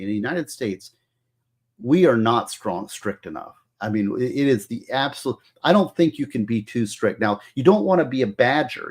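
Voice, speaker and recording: A middle-aged guest who once worked as a juvenile prosecutor offers earnest advice in casual conversation, lecturing with many restarts. His voice is mid-range and slightly rough.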